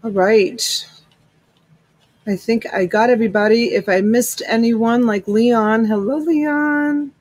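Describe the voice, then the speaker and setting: Her voice on the high side and a little mellow, a middle-aged woman runs a live-stream sale at a measured pace with fairly even intonation. She greets viewers by name, calling them honey and sweetheart, and the USB desk mic gives low-quality sound with no room echo.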